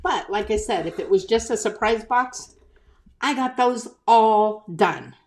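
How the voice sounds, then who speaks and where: A woman's voice: a little high, lively intonation, unhurried, a little mellow. An older woman chatting casually on a live stream as a craft shop owner, greeting viewers by name and reading out their comments.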